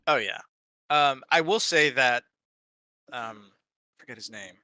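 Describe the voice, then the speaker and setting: A man chatting casually as co-host of a hobby stream, rambling with many fillers and pausing to search for names. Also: medium pitch, expressive, sharp tone, no room sound. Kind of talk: casual chat.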